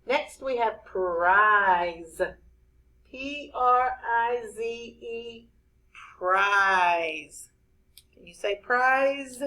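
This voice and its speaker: A woman teacher leading a spelling lesson for young children, spelling each word slowly letter by letter. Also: fairly high pitch, pushed and bright, rough recording. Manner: slow, clear, spelling words out letter by letter.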